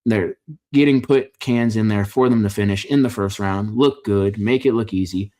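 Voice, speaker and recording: A man with a fairly low voice runs through a fight card in casual reaction commentary. He is opinionated and jokey, rambling a little and catching his own slips. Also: moderate pace, mellow. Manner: opinionated, joking, rambling with self-corrections. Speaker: MMA fight reaction host.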